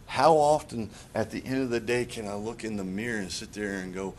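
A man's voice: lowish voice, steady tone, fairly quick, few pauses, a little hiss or hum. A man giving a sermon in an earnest, confessional way, often stopping and restarting his phrases. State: choked up. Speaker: preacher.

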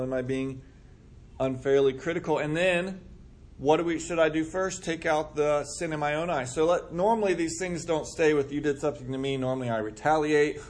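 A man leading a group Bible study, talking conversationally and acting out what people might say. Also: fairly high pitch. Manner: conversational, acts out quoted remarks. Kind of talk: casual Bible study teaching.

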